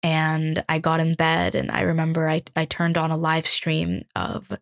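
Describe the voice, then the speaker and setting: Here a young podcast host from Ukraine shares something personal in an earnest, reflective way, stopping and restarting as she goes. She speaks low and monotone, with vocal fry.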